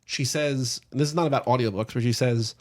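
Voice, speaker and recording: Fast-talking man co-hosting a book podcast. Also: medium pitch, fairly even intonation, a little mellow. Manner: fast, chatty, reads listener questions aloud. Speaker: podcast co-host. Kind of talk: casual book discussion.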